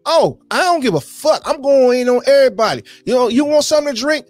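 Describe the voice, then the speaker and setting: A man, ranting loudly with lots of profanity on a casual podcast. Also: very high voice, quick pace, no echo, soft background music. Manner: loud, profane, animated ranting. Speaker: podcast co-host. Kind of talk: heated casual rant.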